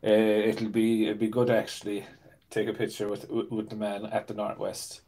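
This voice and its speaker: A man hosting a casual podcast, chatty and quick to laugh. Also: fairly low pitch, completely flat delivery, vocal fry, dark tone. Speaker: podcast host.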